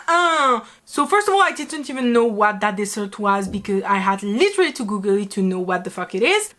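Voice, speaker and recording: A woman from France speaks English with a French accent, in a rather high voice. She rants casually to camera, swearing freely and teasing, with her pitch leaping up whenever she gets worked up. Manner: animated, profane, teasing, jumps in pitch. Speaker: video creator. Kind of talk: casual reaction commentary.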